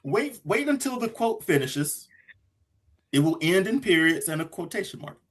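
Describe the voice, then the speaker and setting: A man hosting a casual chat with a lively voice that jumps around in pitch and sits a little above the usual male range. He sounds excitable and playful and keeps the talk moving. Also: normal speed, heavy background noise. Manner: excitable and playful, often laughing mid-sentence. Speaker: host.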